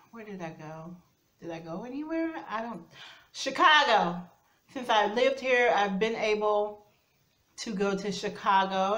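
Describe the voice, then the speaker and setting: A woman eating-show vlogger talks straight to camera from her kitchen at home. She rambles loosely from one thought to the next and fills the gaps with plenty of "uh" and "yeah". Her voice sits at an ordinary middle pitch for a woman. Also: a bit bright. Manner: rambling, chatty, many fillers. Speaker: mukbang vlogger. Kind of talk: casual chat to camera.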